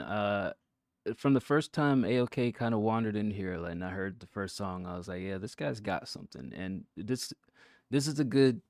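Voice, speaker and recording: A man's voice: lowish voice, darkish tone, dry recording, clean studio sound. A man hosting a show, casually reviewing a rap track, talking through his thoughts with lots of fillers and restarts.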